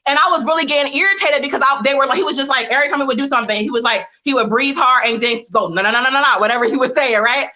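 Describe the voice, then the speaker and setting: A woman speaking to a live online audience, mixing motivational points with personal stories in a direct, lively way. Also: high-pitched, very fast, hardly any pauses. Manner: lively, direct, talks straight to the audience as "y'all". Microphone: webcam or phone mic on a live stream.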